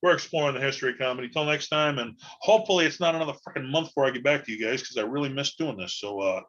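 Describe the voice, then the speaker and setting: A man hosts a podcast solo, with a bright, forceful voice at an ordinary pitch. He talks in a loose, folksy ramble full of "uh" and "you know". The sound is a bit muffled and lo-fi. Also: very fast. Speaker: podcast host. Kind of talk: casual solo podcast monologue.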